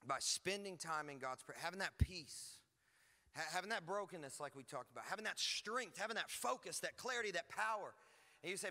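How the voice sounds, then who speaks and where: A man preaching a lively sermon as pastor, emphatic and energetic with frequent asides. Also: high-pitched, brisk, long reverb tail. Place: church hall.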